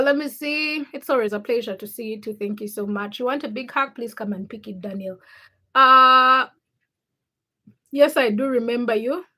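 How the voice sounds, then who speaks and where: Bright-voiced woman hosting a livestream. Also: high voice. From Uganda. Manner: teasing, animated, chiding viewers by name. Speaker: livestream host. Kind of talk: casual livestream chat reading comments.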